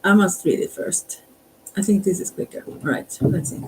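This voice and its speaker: A yoga and mantra teacher speaking softly, who often hesitates, corrects themselves and laughs quietly while trying out chants. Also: mid-range voice, moderate pace. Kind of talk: soft-spoken spiritual instruction. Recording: distant mic with faint ambient hiss.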